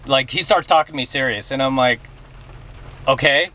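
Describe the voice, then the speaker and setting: A man's voice: mid-range voice, fast, sharp tone. Blunt man talking to camera outdoors. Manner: emphatic, blunt, keeps asking "okay?". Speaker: vlogger giving advice. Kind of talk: casual storytelling and advice to camera.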